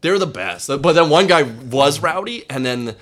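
A man, a comedian, telling stories in casual chat and acting out quoted people with big jumps in voice. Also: normal speed. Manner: animated, acts out quotes with big pitch jumps. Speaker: comedian guest.

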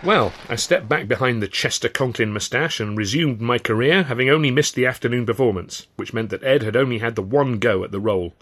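A man reading his own novel aloud in a measured, wry first-person narration. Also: mid-range voice, a bit bright, slight background noise. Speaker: author and reader.

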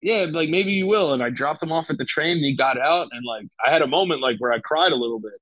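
A man's voice: on the high side, fast talker, fairly bright tone, dry recording, highs cut off. A young man telling a personal story in casual chat, with loose, profane talk full of fillers and restarts. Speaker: guest.

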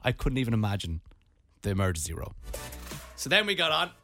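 A man's voice: medium pitch, big pitch swings, fairly quick, creaky, pushed and bright, faint music behind. A young Irish man hosting a radio show, telling a funny travel story in casual chat and acting out voices. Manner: playful storyteller, acts out voices. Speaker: radio host.

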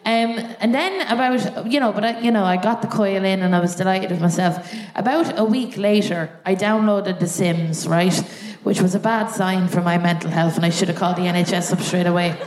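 A woman doing a live stand-up set, telling an animated story and laughing through her punchlines. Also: mid-range voice, fairly quick, hardly any pauses. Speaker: stand-up comedian. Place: large theatre stage. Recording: echoey theatre, audience laughter.

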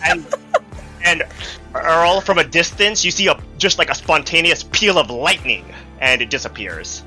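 A man's voice: fairly high pitch, lively intonation, normal speed, bright, forceful tone, soft background music. A man narrating as game master of a tabletop role-playing game, loose and full of fillers. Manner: loose, filler-heavy narration, swears casually.

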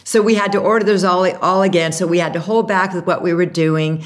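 A woman being interviewed about starting her makeup brand, telling the story with lively, acted-out quotes. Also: on the low side, brisk. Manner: animated storyteller, acts out quotes. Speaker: guest, makeup artist and brand founder.

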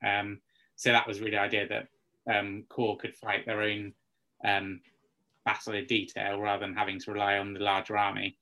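A man, a historian being interviewed on a podcast, explaining at length with frequent ums and pauses. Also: fairly low pitch, monotone, sharp tone. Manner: hesitant, many ums, explanatory. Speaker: guest military historian.

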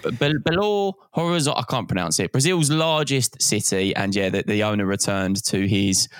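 A man's voice: on the low side, expressive, moderate pace, clean tone, dry recording, studio quality. A young man co-hosting a podcast in casual chat, rambling with many restarts and stammers. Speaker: podcast co-host.

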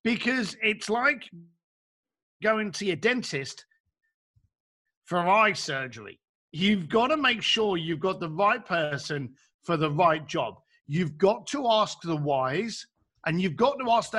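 Animated high-voiced man. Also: unhurried. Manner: animated, emphatic, acts out dialogues. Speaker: coach. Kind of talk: casual chat.

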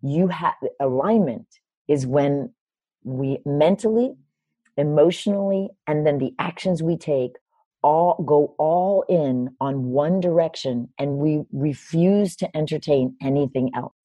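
A woman in her fifties, a personal development teacher, telling a story in conversation with animated, emphatic delivery. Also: sits low, measured pace, breathy edge, no echo, lo-fi sound. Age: 50s. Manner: animated, emphatic retelling with raised quoted lines.

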